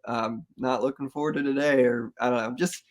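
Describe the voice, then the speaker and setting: A man in a band, a guest on a podcast, speaking in a relaxed, halting way with ums and restarts. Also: mid-range voice. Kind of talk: casual interview chat.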